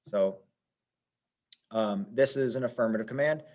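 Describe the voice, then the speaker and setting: A man's voice: medium pitch, moderate pace, a little mellow. Patient man walking through a lesson. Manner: patient, methodical, thinks aloud with fillers. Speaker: Spanish teacher. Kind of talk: step-by-step lesson explanation.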